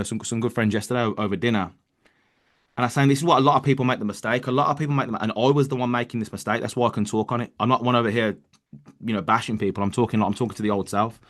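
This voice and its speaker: Over an online call, a man with a medium-pitched, slightly bright voice leads a motivational session on network marketing. He talks casually, restarting often and dropping plenty of "bro" and "man."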